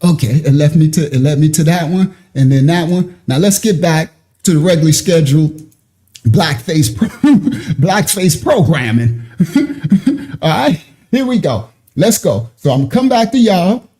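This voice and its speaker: Animated high-voiced man hosting a livestream. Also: measured pace. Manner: animated, chuckling, colloquial. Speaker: livestream host. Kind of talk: casual livestream commentary.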